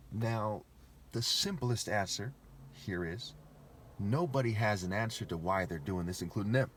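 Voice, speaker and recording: A man's voice: lowish voice, a little hiss or hum. A man talking alone to camera in a rambling, emphatic monologue, repeating himself and firing off rhetorical questions.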